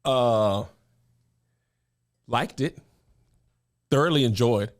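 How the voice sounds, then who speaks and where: A woman's voice: very deep voice, extremely slow. A woman co-hosting a podcast, chatting casually and reacting with exclamations, often trailing off and restarting her sentences. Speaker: podcast co-host. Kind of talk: casual chat reacting to a song.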